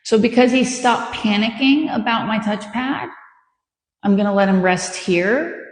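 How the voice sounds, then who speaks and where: Slow-talking woman dog trainer in echoing space. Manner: calm, patient explaining, bursts of high praise. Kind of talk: explaining dog training while working.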